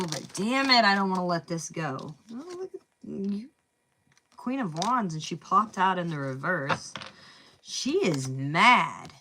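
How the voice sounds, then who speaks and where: A woman's voice: fairly low pitch, fairly bright tone, slight background noise. A woman with a Southern US accent giving a casual tarot reading, chatty and thinking aloud, saying "y'all" and "man". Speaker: tarot reader.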